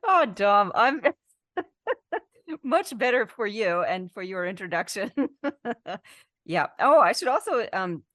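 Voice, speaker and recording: A woman's voice: mid-range voice, big pitch swings, slow pace, long pauses, fairly bright tone, no room sound, clean studio sound. A woman with a Canadian accent, a guest on a podcast, chatting cheerfully and laughing often. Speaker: guest, leadership author. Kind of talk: casual interview chat.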